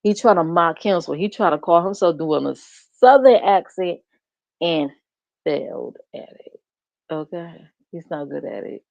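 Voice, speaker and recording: A woman streamer drawls through profane, mocking gossip commentary, laughing often. Her voice sits a little low and the audio is dry and slightly muffled. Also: lively intonation, measured pace, creaky, darkish tone, no room sound. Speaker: reaction streamer.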